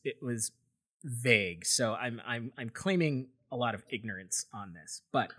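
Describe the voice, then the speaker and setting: Casting: young male podcast co-host with a bright, husky voice, rambling storyteller. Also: mid-range voice. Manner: rambling, many restarts and fillers, voices characters in quotes. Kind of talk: casual storytelling chat.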